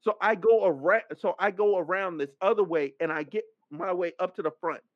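A man hosting a podcast, telling a story as a casual rant, animated and profane, acting out the other people's lines. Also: high-pitched, fairly quick, no room sound. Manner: animated, profane, acts out quoted dialogue. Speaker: podcast host. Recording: dull, dry lo-fi mic sound.

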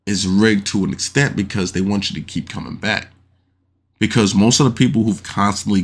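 Animated man hosting a podcast. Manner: animated storytelling, acts out other people's shouts in a high voice; swears freely, uses slang fillers like "you know what I'm saying". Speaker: podcast host. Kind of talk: casual solo commentary.

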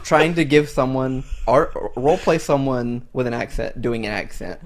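A person who runs tabletop games, chatting casually in a playful, expressive way. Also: medium pitch, moderate pace, crowd noise. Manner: playful, expressive, laughs often. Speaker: dungeon master. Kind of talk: casual podcast chat.

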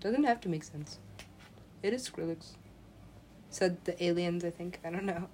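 A woman's voice: lowish voice, moderate pace, pauses often, mellow, a little hiss or hum. A young adult woman, a parent, rambling in a loose monologue, laughing often, swearing freely and acting out the voices she quotes.

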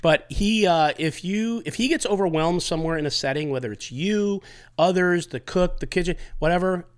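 A man's voice: high-pitched, moderate pace, smooth. A man hosting a podcast, telling a story in casual chat, rambling with restarts and acting out what people said. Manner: rambling, restarts and acts out quotes. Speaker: podcast host.

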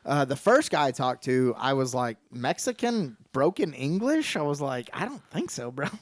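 A podcast co-host from Texas with a mid-range voice, speaking at normal speed with no echo, retells a story among friends. He animatedly acts out both sides of a phone call, swearing freely.

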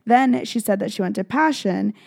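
A young woman chats to her viewers, retelling a personal faith story with lots of fillers and plenty of feeling. Her voice is mellow and warm, with a gravelly fry running through it. The sound is close and dry. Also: medium pitch, normal speed, no echo. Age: young adult. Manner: chatty, heavy filler "like", emotional retelling. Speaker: vlogger. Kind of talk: casual faith storytelling to camera.

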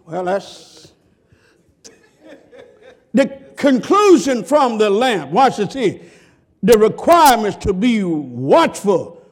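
A man preaching a sermon who swings between shouts and low murmurs, acts out quoted voices in a high pitch, and talks in a folksy, emphatic way. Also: big pitch swings, slow pace, long pauses. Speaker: pastor.

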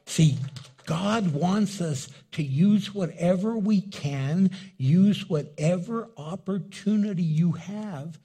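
A middle-aged man preaching a sermon as pastor, animated and acting out little dialogues. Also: sits high, takes it slowly, slightly rough. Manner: animated, acts out dialogue with the congregation.

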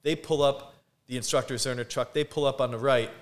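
An animated man tells a story in a loose, conversational way. He acts out what people said and keeps breaking into laughs. His pitch sits in a middle range. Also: fast. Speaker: guest. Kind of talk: casual storytelling.

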